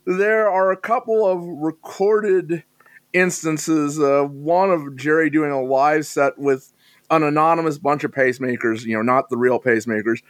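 A man co-hosting a podcast, speaking casually and in a measured way with small hesitations. His voice sits a bit high for a man and sounds dry and close. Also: steady tone, no room sound. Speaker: podcast co-host. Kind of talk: casual chat.

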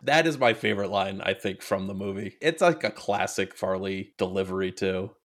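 A man co-hosting a casual podcast, retelling comedy scenes in a loose, rambling way full of fillers. His voice sits somewhat low. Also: expressive, moderate pace, fairly bright tone, shouting, a little hiss or hum. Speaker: podcast co-host. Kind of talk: casual chat.

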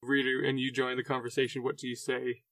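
A man's voice: medium pitch, monotone, fairly bright tone, no echo. Laughing male game master, slightly distant. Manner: laughing often, restarts mid-sentence, puts on quick character voices. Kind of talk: narrating a tabletop game.

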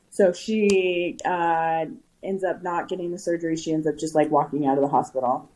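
A young adult woman co-hosting a casual chat, telling a story in a relaxed way and reacting to her friend with short sympathetic comments. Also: low voice, normal speed, low-quality recording. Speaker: podcast co-host.

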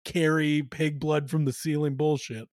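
Podcast co-host, man, wry storyteller, a bit high-pitched. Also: flat delivery, moderate pace, darkish tone, dry recording, clean studio sound. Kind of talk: casual chat.

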